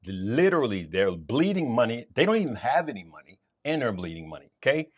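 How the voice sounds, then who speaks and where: A man's voice: mid-range voice, a little fast. A man hosting a stock trading show, talking viewers through charts in an emphatic, repetitive way. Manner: emphatic, lively, repeats points for stress. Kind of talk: market commentary to viewers.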